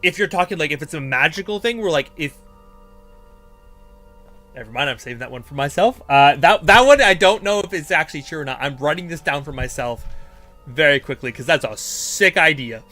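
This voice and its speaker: Male streamer, casual and chatty, bright tone, talks in loose filler-laden bursts. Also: on the high side, lively intonation, brisk, soft background music. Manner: rambling and filler-heavy, thinking aloud. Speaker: streamer giving character-writing advice. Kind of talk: casual live-stream chat.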